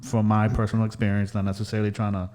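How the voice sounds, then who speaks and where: Podcast host guy, kinda low voice, tells his story slow with restarts. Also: flat delivery, darkish tone. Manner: halting, many restarts. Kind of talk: casual chat.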